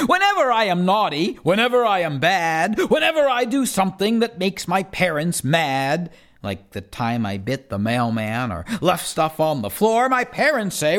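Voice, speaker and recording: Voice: medium pitch, big pitch swings, normal speed, a bit bright. A reader performing rhyming children's poems in a first-person kid's voice, with a playful sing-song delivery.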